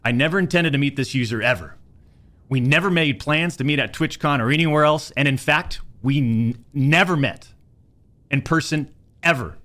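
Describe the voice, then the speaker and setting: A man in his forties giving a livestream statement in a theatrical, confrontational way, using drawn-out dramatic pauses. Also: mid-range voice, fairly bright tone. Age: 40s. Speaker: streamer making a statement.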